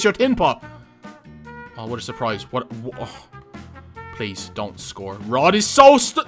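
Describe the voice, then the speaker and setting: A young man calls his own football game match in a high, bright voice that leaps all over the place. He bursts into excited shouts and teasing banter as the play swings. Faint game music runs underneath. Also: moderate pace. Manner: excitable, loud outbursts and banter. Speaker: gaming YouTuber. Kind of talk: live gameplay commentary.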